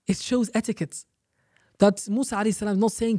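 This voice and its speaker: A man's voice: high voice, quick pace, dark tone, no echo, clean studio sound. A man, an Islamic teacher guest on a podcast, explaining a religious story emphatically with rhetorical questions and repeated phrases.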